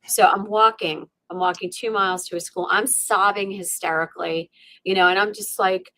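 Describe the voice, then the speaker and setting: A middle-aged woman speaks as an interview guest, telling a personal story in a lively, conversational way. She keeps reaching for "you know" and "like" and slips into her own inner voice as she tells it. Her voice sits at an ordinary pitch and is recorded close and dry. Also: normal speed, dry recording. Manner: many fillers and restarts like "you know" and "like". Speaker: podcast guest.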